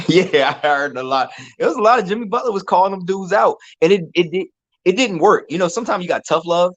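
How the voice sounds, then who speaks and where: A man co-hosting a casual sports chat, relaxed, often repeating words as he talks. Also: high voice, fast, no echo, muffled recording.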